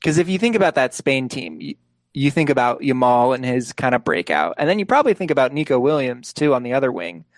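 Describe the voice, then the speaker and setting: A man's voice: mid-range voice, fast talker, no echo. Laid-back young man, dry close sound. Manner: relaxed, leans heavily on "like" fillers. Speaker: podcast co-host. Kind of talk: casual sports chat.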